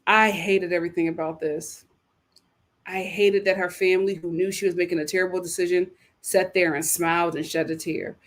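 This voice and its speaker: A woman hosting a casual livestream, giving animated, opinionated reactions and talking straight to her chat. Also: lowish voice, brisk. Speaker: livestream host. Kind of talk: casual reality-show review livestream.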